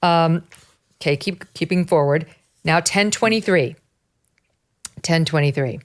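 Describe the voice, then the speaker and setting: A woman's voice: deep voice, a little slow. A middle-aged woman hosting a talk show, reading documents aloud and breaking off for pointed, incredulous asides. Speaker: show host.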